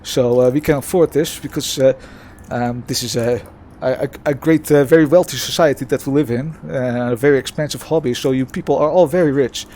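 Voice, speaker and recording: A man's voice: mid-range voice, steady tone, fairly quick, hardly any pauses, darkish tone, slight background noise, lightly acted. A man putting on a smug mock Dutch presenter. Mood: mock salesman. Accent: put-on Dutch. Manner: smug, mock-salesman tone with many "uh" hesitations. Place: home sim-racing setup.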